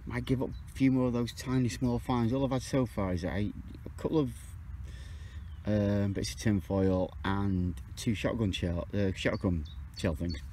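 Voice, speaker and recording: A man talking casually to camera while metal detecting outdoors in a field, excitable and chatty. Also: normal speed, slight background noise. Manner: chatty, excitable, pitch jumps when surprised. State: out of breath.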